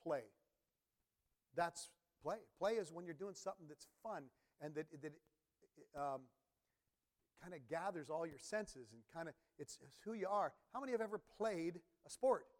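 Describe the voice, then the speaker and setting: A middle-aged man preaching a sermon as pastor, telling stories with bursts of shouting and imitated instrument sounds. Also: fairly high pitch, normal speed. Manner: animated storytelling, sudden shouts and imitated organ sounds.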